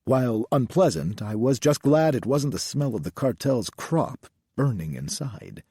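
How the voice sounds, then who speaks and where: A man reads a novel aloud in measured, tense narration. His voice is husky and lowish, swinging widely in pitch. The recording is dry and close. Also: sing-song, dark tone, no room sound. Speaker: audiobook narrator. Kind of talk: scripted audiobook narration.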